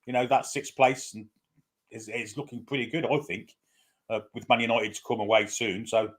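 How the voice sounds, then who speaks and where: A man co-hosting a casual live stream, talking quickly and opinionatedly and often asking for agreement. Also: mid-range voice, level tone. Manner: rapid, opinionated, asks for agreement. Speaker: co-host.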